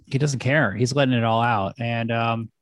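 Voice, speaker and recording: A man's voice: mid-range voice, steady tone, moderate pace, no room sound. Rambling male podcast co-host. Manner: rambling, full of "like" and restarts. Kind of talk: casual chat, retelling a film plot.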